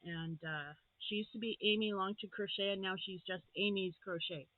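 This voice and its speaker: A woman vlogger who does crafting chats casually while unboxing crochet gifts, gasping and gushing with delight. Her voice is medium in pitch and her pace is moderate. The recording sounds tinny, like a phone.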